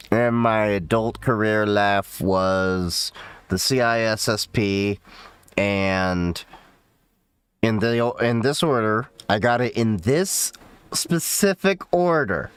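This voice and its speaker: A man's voice: lowish voice, a bit bright, smooth, no echo. A man hosting a casual livestream, rambling and swearing freely as he reacts to viewer chat from a home setup. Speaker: livestream host.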